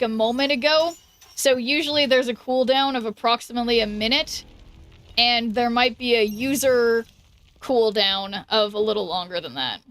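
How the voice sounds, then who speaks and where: A woman's voice: a little high, fairly bright tone. Giggly American woman streamer. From United States. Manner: chatty, giggly, trails off with ums. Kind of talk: casual chat while gaming. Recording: dry close mic with faint background music.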